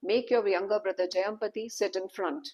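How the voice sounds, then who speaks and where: A woman voicing a queen mother who soothes and hurries to cover things up, in a husky voice. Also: mid-range voice, fairly even intonation, moderate pace, mellow, lightly acted, rough recording. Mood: motherly.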